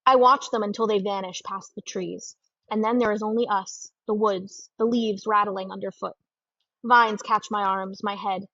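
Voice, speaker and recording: Woman teacher reading audiobook, gravelly husky voice, dull lo-fi sound. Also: medium pitch, dry recording. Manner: steady first-person reading with measured pauses. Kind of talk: audiobook narration. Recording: dull lo-fi recording.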